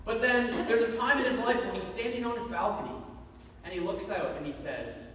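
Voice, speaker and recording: A man preaches a sermon in an earnest, emphatic way, returning again and again to one point. His voice sits high for a man. He is recorded from a distance in a church hall with heavy echo and faint background noise. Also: expressive, a little fast, a bit bright. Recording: echoey hall from far off.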